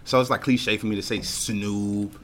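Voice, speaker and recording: A man in casual chat, laid-back and halting, with many fillers. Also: lowish voice, fairly even intonation, crowd noise.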